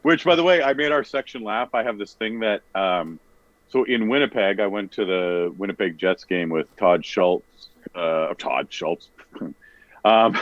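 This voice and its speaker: Rambling comedian, low-voiced man, dull dry audio. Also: unhurried, a bit bright, no room sound. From Canada. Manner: rambling, self-correcting storyteller. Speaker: comedian guest. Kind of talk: casual podcast chat.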